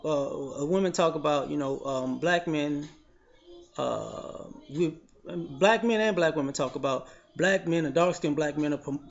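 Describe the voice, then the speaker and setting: A man giving a blunt, profane commentary monologue, telling stories in an animated way. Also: fairly high pitch. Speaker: vlogger. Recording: slightly dull lo-fi audio.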